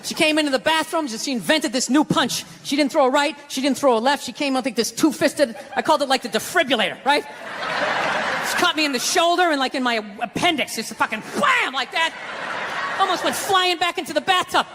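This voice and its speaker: A man's voice: very high voice, a little fast. A middle-aged man with a Boston accent telling a stand-up story, profane and ranting, often tagging lines with "right?" and acting out other people's voices. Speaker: stand-up comedian. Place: large theater on stage. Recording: live hall reverb, crowd noise. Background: audience laughter.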